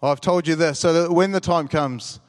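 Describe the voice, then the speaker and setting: A man reads scripture aloud in a measured, solemn way, his voice sitting a little high for a man. The room carries a long reverb, like a church hall. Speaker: scripture reader.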